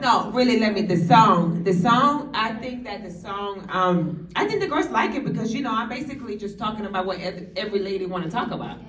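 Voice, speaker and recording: A woman's voice: mid-range voice, lively intonation, fairly quick, few pauses, a bit bright. Woman on stage at a q&a, brash, cussing, joking around, far mic, echoey hall, crowd around. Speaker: panel guest, star of the show. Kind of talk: live Q&A panel. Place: large hall at a live event.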